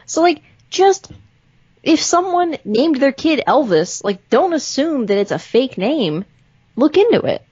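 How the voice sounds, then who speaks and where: A woman's voice: high voice, sing-song, a little slow, darkish tone, no room sound. A blunt woman co-hosting a podcast, talking in loose casual chat and swearing freely. Her voice is dry and close, with a slightly dull, lo-fi sound. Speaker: podcast co-host.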